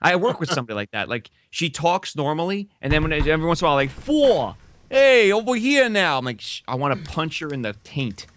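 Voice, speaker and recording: A man from Northern New Jersey, a podcast guest in casual chat, talking in an animated, profane way and quick to protest. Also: a little high, a little hiss or hum.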